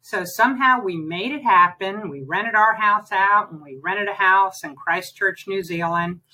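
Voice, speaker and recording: A woman's voice: medium pitch, a little slow, low-quality recording. An older woman from New Jersey, an author being interviewed, telling chatty stories in a casual conversation. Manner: chatty storyteller, animated anecdotes. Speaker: author, guest.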